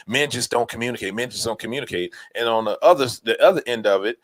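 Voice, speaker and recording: A man from New Orleans with a New Orleans accent, co-hosting a casual podcast chat, animated and repeating himself as he makes his points. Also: mid-range voice, fast, hardly any pauses, low-quality recording. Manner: animated, repeats himself, plays out bits in voices. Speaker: podcast co-host.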